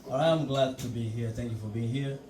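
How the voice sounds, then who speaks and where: A male stand-up comedian telling a story on a club stage, animated and full of asides. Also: mid-range voice, a little fast, crowd noise. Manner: storytelling, animated, frequent asides like "you know". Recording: echoey club from a distant mic.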